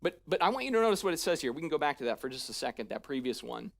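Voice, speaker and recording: A pastor delivers a sermon in a relaxed, chatty way, voice at a mid pitch. Paraphrased lines get a lively, casual acting-out, and the talk keeps checking in with the congregation. It sounds like it was recorded during a church service. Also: racing, creaky. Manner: conversational, often checking in with "right?".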